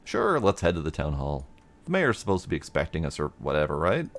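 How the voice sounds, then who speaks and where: A man's voice: a bass voice, wildly swooping pitch, a little fast, full character voice. A man voicing a sulky, sarcastic eighteen-year-old witch, reading game dialogue in his own dry voice. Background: faint game music.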